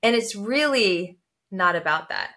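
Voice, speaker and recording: Bright-voiced woman telling her story. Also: unhurried. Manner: animated storyteller who jumps to high pitch when quoting herself. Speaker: podcast guest. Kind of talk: personal testimony in conversation.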